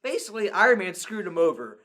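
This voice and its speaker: A young man with a slightly high voice, talking through a film in a loose podcast chat. He rambles with excitement, piling on fillers and acting out bits of scenes as he goes. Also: fast. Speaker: podcast co-host. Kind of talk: casual movie review chat.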